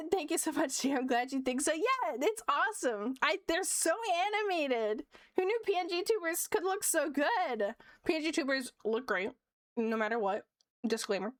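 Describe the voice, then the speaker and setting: A woman's voice: high-pitched, expressive, normal speed, no echo, studio quality. A young woman streaming her art, chatting casually and giggling as she reads chat aloud.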